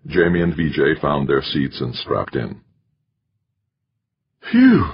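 A man narrating an audiobook in a steady, measured reading. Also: rumbling low, slight background noise. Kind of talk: scripted narration. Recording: dull lo-fi recording.

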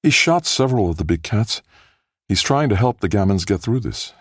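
A man's voice: lowish voice, animated, normal speed, slightly rough, dry recording, clean studio sound, pitched above the performer's own voice. Man voicing a worried young woman biologist. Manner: tense, restrained, worried. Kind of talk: audiobook character voice.

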